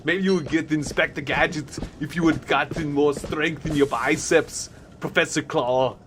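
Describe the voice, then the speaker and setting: A man's voice: on the high side, fairly even intonation, moderate pace, fairly bright tone, a little hiss or hum. A man hosting a game live stream, chatting playfully with viewers and laughing often. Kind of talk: casual live stream chat.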